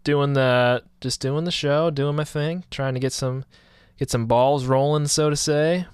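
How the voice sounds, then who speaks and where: A man's voice: fairly high pitch, steady tone, a little slow, clean tone, no echo, studio quality. A male radio host chatting casually with a caller, laid-back and teasing. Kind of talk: casual talk radio chat.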